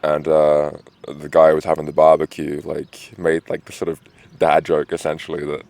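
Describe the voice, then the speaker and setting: Man, very deep voice, gravelly, tired, dehydrated, rambling, swearing, outdoors. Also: monotone, normal speed, a little mellow, no echo. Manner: rambling and rough, with heavy filler and swearing. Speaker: vlogger on a long walk. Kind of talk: rambling casual monologue. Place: outdoors at a roadside camp.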